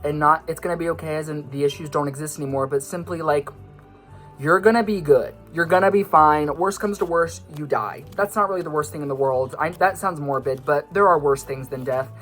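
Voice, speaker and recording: A man's voice: fairly high pitch, a little fast, a bit bright. Young male vlogger, slightly breathless, scattered and self-mocking, chatty tangents over faint background music. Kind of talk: casual rambling monologue.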